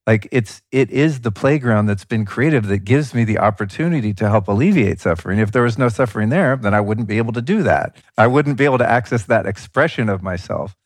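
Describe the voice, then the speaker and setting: Earnest, lower-voiced man hosting a podcast. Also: lively intonation, fairly quick, hardly any pauses, no echo, studio quality. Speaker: podcast host. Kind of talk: casual conversation.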